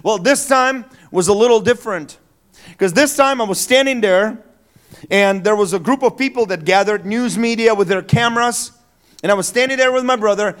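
High-voiced, smooth pastor telling stories. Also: male voice, normal speed, fairly bright tone. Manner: conversational storytelling, joking, with fillers. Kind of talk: Christmas Eve sermon. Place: church sanctuary.

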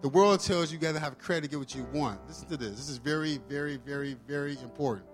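A man's voice: on the high side, fast talker, faint music behind. A man preaching a testimony sermon, telling his story casually and acting out the dialogue.

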